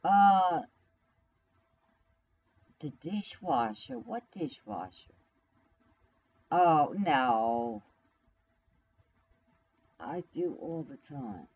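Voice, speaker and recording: A woman's voice: low voice, lively intonation, drawn-out words, long pauses, darkish tone, breathy edge, lo-fi sound. A woman live streaming from home in New York, rambling casually to her viewers, blunt and profane as she talks back to the chat. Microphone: camera mic.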